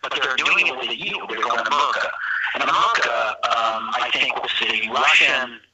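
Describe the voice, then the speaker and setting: A man's voice: mid-range voice, moderate pace, distant mic, muffled recording, heavy background noise. A man calling in to a radio talk show, chatting casually and rambling from one tangent to the next. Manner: rambling, jumping between tangents. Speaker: call-in guest.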